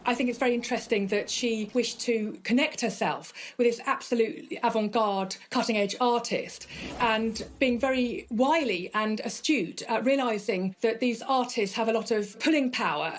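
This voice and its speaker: A woman's voice: fairly high pitch, rough recording. A woman art expert speaking in a documentary interview, explaining articulately with occasional fillers.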